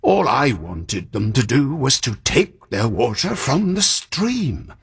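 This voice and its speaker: A fussy, sleepy old magician. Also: male voice, medium pitch, sing-song, slow, exaggerated voice. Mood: chatty. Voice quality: breathy, husky voice. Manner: chatty and musing, with sighs and yawns. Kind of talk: radio drama acting.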